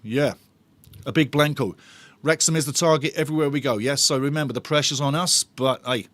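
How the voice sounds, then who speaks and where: A man's voice: mid-range voice, a little fast, fairly bright tone, no echo. A man hosting a live football watch-along, chatting with viewers in a bantering, sarcastic way. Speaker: host of a football fan watch-along channel.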